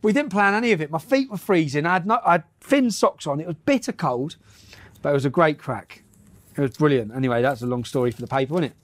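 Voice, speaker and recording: Blunt, laughing man, higher-pitched voice, casual storytelling. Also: expressive, quick pace. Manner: blunt, laughs often, swears freely. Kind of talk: casual storytelling and reading news aloud.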